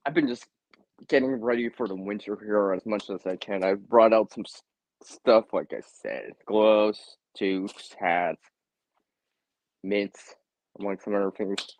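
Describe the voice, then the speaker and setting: A man's voice: on the low side, unhurried, dry recording, poor audio. A man hosting a casual live stream from home, chatty, laughing often and repeating words. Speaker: livestream host.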